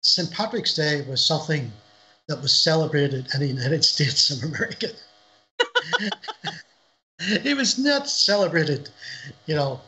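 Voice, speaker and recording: A middle-aged man from Northern Ireland speaks as an author guest over a livestream call. His voice is bright and somewhat high for a man, and he rambles through anecdotes with repeated words and restarts. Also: lively intonation, a little slow, pauses often, low-quality recording. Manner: rambling, repeats words, laughs at own stories. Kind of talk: casual interview chat. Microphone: livestream video call.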